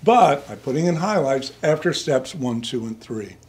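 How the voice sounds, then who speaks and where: A man's voice: medium pitch, expressive, normal speed, a little mellow. An older man, a priest, preaching in a conversational, digressive way and speaking to listeners by name. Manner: chatty, digressive, addresses listeners by name, chuckles. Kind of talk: conversational sermon. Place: church.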